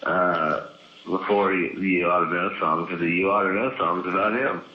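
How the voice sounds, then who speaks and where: A sleepy man on a casual phone call, slurring his words with long pauses. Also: sits low, steady tone, reverberant, a little hiss or hum.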